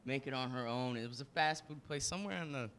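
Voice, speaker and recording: A man's voice: medium pitch, quick pace, fairly bright tone. A man in casual chat, chuckling and adding jokey asides.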